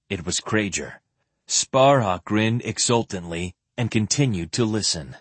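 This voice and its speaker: A man reading an audiobook in a measured narrating style. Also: fairly low pitch, lively intonation, slightly rough, dry recording. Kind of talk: scripted narration.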